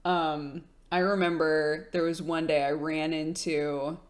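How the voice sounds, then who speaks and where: A woman's voice: sits low, level tone, slow pace. A young woman streamer chatting casually with her live chat, telling stories with lots of fillers and giggles.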